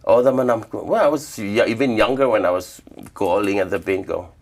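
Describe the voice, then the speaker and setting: An older man from Guam, telling stories of his past in a relaxed, reflective interview. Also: on the low side, a little fast. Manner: relaxed, reflective storytelling with quoted dialogue. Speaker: interviewee, traditional healer. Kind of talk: casual storytelling interview.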